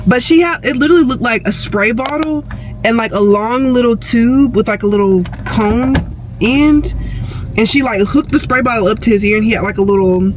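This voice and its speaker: A woman's voice: a little high, moderate pace, slight background noise, poor audio. A woman talking casually to the camera in a vlog, full of fillers, recorded in a car. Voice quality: chatty, many fillers like "like" and "um". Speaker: vlogger.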